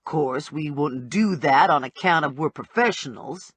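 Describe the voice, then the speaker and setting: A woman voicing a brash, streetwise female bounty hunter who talks in blunt slang with a slow drawl, for an audiobook. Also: sits low, breathy edge, no echo, voice pushed down. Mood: sassy.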